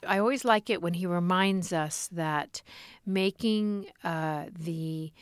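A woman co-hosting a comedy podcast, talking in a playful, halting way with many restarts. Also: lowish voice, smooth, dry recording, clean studio sound. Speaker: podcast co-host. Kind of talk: casual comedic chat.

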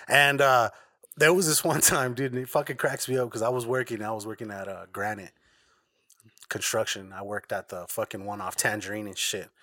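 A man's voice: fairly low pitch, steady tone, brisk, pushed and bright, no echo, studio quality. A man hosting a podcast, telling stories in loose, profane casual chat, with many restarts and laughs along the way. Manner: rambling, laughing storyteller, heavy swearing and restarts. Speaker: podcast host.

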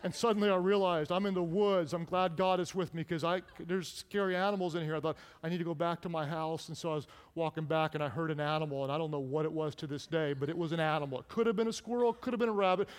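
A middle-aged man, a pastor, preaching a sermon and telling personal stories with humor and hushed intensity. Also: a little high, fairly even intonation, fast talker, hardly any pauses, big-room sound.

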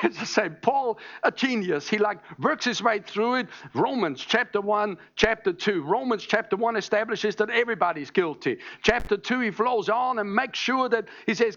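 High-voiced emphatic male preacher. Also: a bit bright, dull audio. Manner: emphatic, teaching, asks "All right?" often. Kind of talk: sermon.

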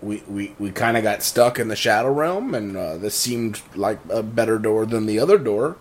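A man's voice: on the low side, animated, normal speed. A man playing a tabletop game, cracking jokes in casual banter. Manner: joking, wisecracking. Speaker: player.

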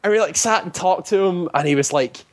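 A man's voice: sits high, brisk, no echo. Guy rambling through a story about his game night, lots of "like", dry sound. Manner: rambling, heavy use of "like" fillers. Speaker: tabletop game player. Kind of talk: casual storytelling.

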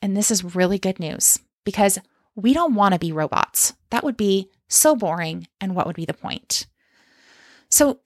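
A woman's voice: medium pitch, no room sound, studio quality. A woman life coach talking straight to listeners on her solo podcast, direct and encouraging, often checking in with "okay?" and "right?". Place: lives in Canada.

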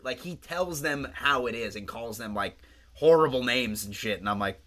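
Bright-voiced man, rambling podcast host. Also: medium pitch, normal speed. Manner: rambling, profane, animated storytelling. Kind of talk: casual podcast chat.

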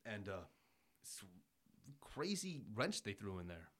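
Excitable young man recapping a show. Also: fairly low pitch, slow pace. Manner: excitable, acts out quotes, swears casually. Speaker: podcast co-host. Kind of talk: casual anime recap chat.

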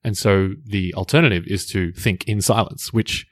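A man with a lowish voice co-hosts a podcast in easy, casual chat. He jokes and teases his co-host and laughs often. The sound is dry and close, with no room echo. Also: moderate pace. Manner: jokey, laughs often, playful teasing.

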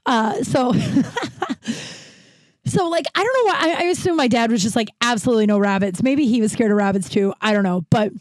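A woman telling a personal story casually, rambling with many fillers and correcting herself, laughing wryly at dark memories. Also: fairly high pitch, animated, quick pace, hardly any pauses, dry recording. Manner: rambling, heavy use of "like", self-correcting.

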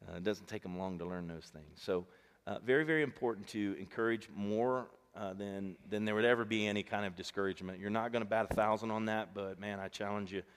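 A middle-aged male pastor preaching a sermon in a relaxed, conversational way, telling family stories and acting out the dialogue. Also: on the low side, brisk. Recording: long reverb of a large hall.

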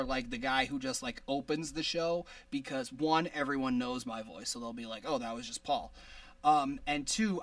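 A man's voice: a little high, fairly bright tone, no echo, distant mic. A man hosting a podcast over a video call, rambling casually and laughing at himself. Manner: rambling, self-deprecating, quick to laugh. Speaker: podcast host.

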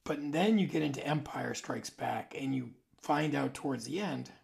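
A vlogger with a heavily creaky, gravelly voice chats to the camera in a loose, wandering monologue. They are in their forties, trail off mid-thought and circle back to fix what they said. The pitch sits in a middle register. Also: moderate pace, darkish tone. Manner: rambling, loose, trails off and corrects himself. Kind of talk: casual rambling monologue to camera.

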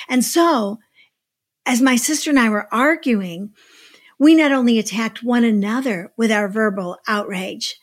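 A woman giving a devotional talk, telling a personal story in an expressive, emphatic way. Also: medium pitch. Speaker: devotional speaker. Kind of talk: sermon storytelling.

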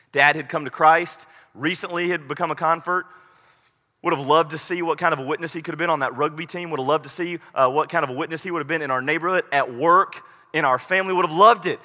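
Brief: middle-aged male pastor, high bright voice, earnest, echoing hall. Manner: earnest, rising to pleading intensity. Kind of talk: sermon.

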